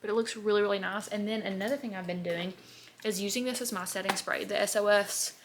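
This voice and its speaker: A woman's voice: medium pitch, steady tone, fast, slight background noise. A young woman, chatting in a bubbly, rambling way while doing her makeup on camera. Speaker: beauty vlogger. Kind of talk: casual get-ready-with-me chat.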